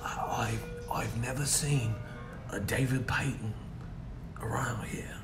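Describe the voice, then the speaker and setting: A man putting on a slow mock-Aussie drawl. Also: mid-range voice, fairly even intonation, over music, natural voice. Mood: dopey. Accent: mock Australian. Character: drawling Australian man, slow, dim-witted. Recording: echoey room.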